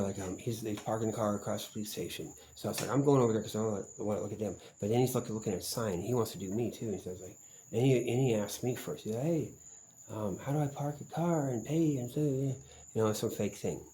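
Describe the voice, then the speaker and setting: A man with a lowish, mellow voice talks in a meandering vlog monologue. He is profane and suspicious and keeps circling back with "um" and "like". Faint crickets chirp behind him. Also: a little hiss or hum, low-quality recording. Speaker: vlogger. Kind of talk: rambling monologue.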